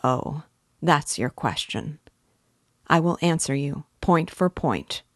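A woman voicing a shrewd middle-aged male magistrate who presses his point in a measured, quietly insistent way. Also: low voice, animated, dry recording, studio quality, exaggerated voice. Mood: calmly pressing.

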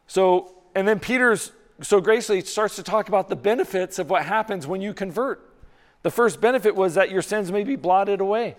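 Male pastor preaching in a sermon, slightly high voice, smooth and resonant, earnest with repeated words, long hall reverb. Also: normal speed.

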